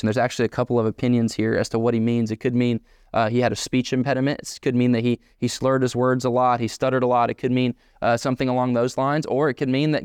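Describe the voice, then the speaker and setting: Male pastor, sermon, smooth resonant voice, emphatic, repeats key lines, dry close sound. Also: mid-range voice, flat delivery, fast talker, a little mellow, no room sound. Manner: emphatic and repetitive, pressing points home.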